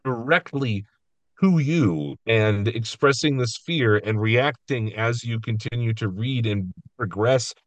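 A man's voice: mid-range voice, slow pace, no echo. A man co-hosting a podcast, chatting with enthusiasm about a favorite children's book. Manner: enthusiastic, animated, reads book lines aloud. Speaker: podcast co-host. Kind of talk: casual chat.

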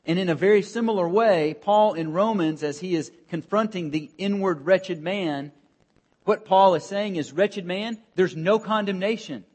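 A man preaching a sermon as pastor, earnest and emphatic, with pauses and rising emphasis. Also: high voice, darkish tone.

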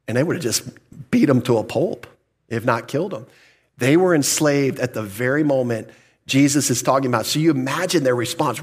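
A man's voice: on the high side, animated, a little fast, husky. A man preaching a sermon in a conversational teaching manner, explaining scripture and acting out the people he quotes. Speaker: pastor.

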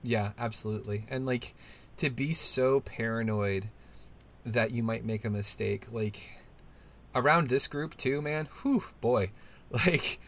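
A man co-hosting a podcast in casual chat, animated and laughing often, his voice jumping up when he mimics people. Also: mid-range voice, a little slow. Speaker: podcast co-host.

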